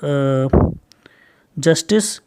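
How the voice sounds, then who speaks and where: A man teaching a general knowledge class in Indian English, repeating each question and answer slowly. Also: fairly high pitch, darkish tone, clean tone. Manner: slow, repetitive quiz-answer explaining. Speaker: school teacher.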